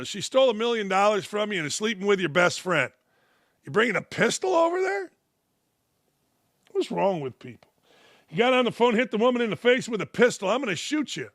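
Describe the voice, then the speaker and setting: An older man delivers a sports talk monologue, blunt and sarcastic, his voice sitting fairly high for a man. The sound is dry and close, with no room around it. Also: a bit bright, no room sound. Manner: blunt, sarcastic and heated, acts out anecdotes. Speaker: sports talk show host. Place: studio.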